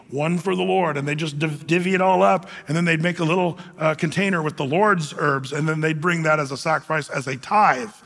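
Bright-voiced man preaching in a reverberant hall. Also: high voice. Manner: conversational, joking, many fillers. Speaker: pastor. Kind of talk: verse-by-verse sermon.

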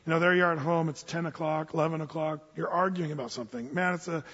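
High-pitched husky guy preaching, folksy and joking, trips over his words, dull echoey church sound. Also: steady tone, quick pace, a bit bright. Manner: folksy, stumbling restarts, humorous asides. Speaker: pastor. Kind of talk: conversational sermon. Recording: dull, reverberant hall sound.

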